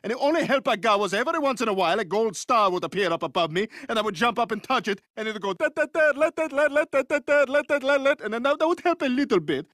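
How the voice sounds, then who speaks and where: A man's voice: sits high, expressive, rapid-fire, hardly any pauses, fairly bright tone, no echo, clean studio sound. A man playing a petty plumber hero who whines and argues. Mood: indignant. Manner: whiny, indignant.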